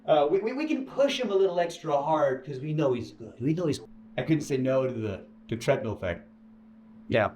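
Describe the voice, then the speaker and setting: A man telling a personal story as an interview guest, full of stammered restarts and sudden jumps into a high, animated voice. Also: normal speed, a little hiss or hum. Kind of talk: casual storytelling. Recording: echoey room with faint ambience.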